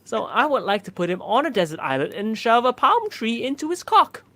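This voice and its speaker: A man's voice: very high voice, very animated, brisk, sharp tone, no echo. A man from Singapore, a guest comic, ranting crudely and sarcastically on a comedy panel.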